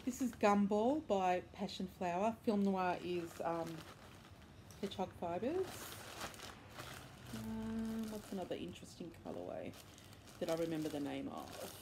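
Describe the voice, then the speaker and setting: A woman's voice: fairly low pitch, big pitch swings, unhurried, noisy background. A woman hosting a crochet podcast, chatting casually and enthusiastically at home, rambling with fillers and self-corrections. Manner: enthusiastic, upbeat. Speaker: crochet and knitting podcast host. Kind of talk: casual show-and-tell chat. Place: indoors at home, bedroom.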